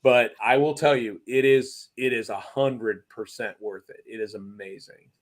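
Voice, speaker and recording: A man's voice: medium pitch, unhurried. A man telling a long restaurant anecdote in casual chat, rambling and acting out the quotes. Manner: rambling, animated anecdote teller who acts out quotes. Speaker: racing series guest. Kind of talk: casual storytelling.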